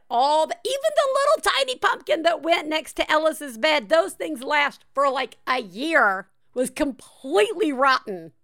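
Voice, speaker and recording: A woman's voice: high-pitched, fairly bright tone. Chatty woman podcast host, giggly. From American South. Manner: chatty, laughs often, filler-heavy storytelling. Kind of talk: casual chat.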